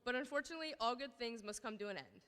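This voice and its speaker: A woman's voice: on the high side, expressive, very fast, bright, forceful tone. Nervous woman in her thirties giving a speech. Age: 30s. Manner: nervous, emotional, thankful, with many ums. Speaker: girls' team head coach. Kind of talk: awards ceremony speech. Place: large hall at a school ceremony. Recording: hall reverb from a PA speech.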